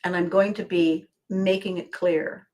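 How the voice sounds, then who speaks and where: A woman's voice: on the low side, level tone, mellow. Older woman host, solo monologue, circles the point, earnest and emotional. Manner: rambling, emotional, with frequent laughs and pauses. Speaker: podcast host. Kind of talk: personal monologue.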